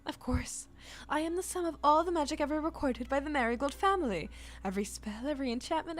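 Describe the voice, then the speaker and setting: A woman's voice: sits high, voice pushed up. A woman voicing a haughty, grandiose male talking spellbook in a game, indignant and old-fashioned in phrasing. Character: pompous haughty male magic talking book. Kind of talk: reading game dialogue aloud.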